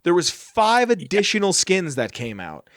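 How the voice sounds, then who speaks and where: A man co-hosting a podcast, telling stories in a casual, animated and profane way. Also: sits high, normal speed, dry recording, clean studio sound. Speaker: podcast co-host. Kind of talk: casual chat.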